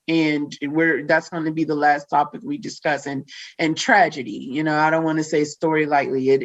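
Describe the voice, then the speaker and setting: A woman hosting a podcast, ranting in casual chat with lots of swearing and frequent laughs. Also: sits low. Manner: profane ranting, laughs often. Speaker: podcast host. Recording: dull lo-fi sound.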